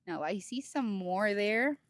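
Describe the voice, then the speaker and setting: A woman's voice: mid-range voice, takes it slowly, no echo. A woman giving a casual garden tour in her vlog, giddy and giggly, outdoors in her home garden. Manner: giddy, giggly, over-excited. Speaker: gardening vlogger.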